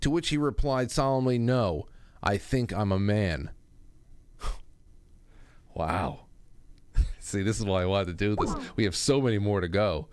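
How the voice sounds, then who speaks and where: A man's voice: fairly low pitch, animated, moderate pace, long pauses, a little mellow, clear, resonant tone, no room sound. A middle-aged man hosting a casual call-in talk show, chatty and reading listener stories aloud. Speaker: radio talk show host.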